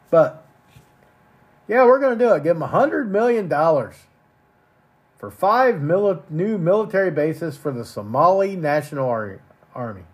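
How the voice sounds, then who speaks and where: A man's voice: sits high, husky. Profane ranting male podcast host. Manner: angry, crude, repeats words.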